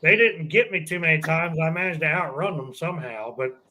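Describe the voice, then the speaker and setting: Bright high-voiced man. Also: brisk, low-quality recording. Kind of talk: casual storytelling chat.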